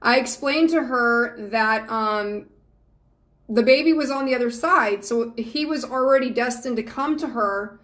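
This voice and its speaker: A woman's voice: on the high side, a little slow, a bit bright. A woman from Georgia, hosting a live stream as a psychic medium and chatting earnestly and affectionately with viewers. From Georgia, USA.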